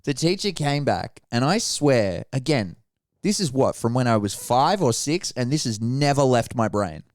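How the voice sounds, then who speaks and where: A man co-hosting a podcast, telling crude, animated stories and acting out the people in them. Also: medium pitch, moderate pace, no room sound, clean studio sound. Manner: animated, crude jokes, acts out voices. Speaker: podcast co-host. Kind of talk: casual chat, comic storytelling.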